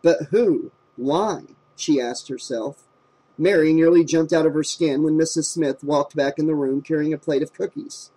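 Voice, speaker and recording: A man narrating a horror novel in a steady, measured reading voice. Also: fairly high pitch. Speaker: audiobook narrator. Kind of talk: scripted narration.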